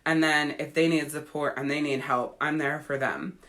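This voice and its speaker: Sitting low with a touch of brightness, her voice keeps a fairly even intonation at a moderate pace. She's a woman in her thirties, a podcast host and life coach, casually recounting a personal story in a profane, blunt, frank manner.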